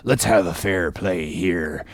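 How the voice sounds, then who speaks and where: A man voicing a stern, commanding old sea captain who speaks slowly. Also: low voice, gravelly, no echo, clean studio sound, pitched below the performer's own voice, exaggerated voice.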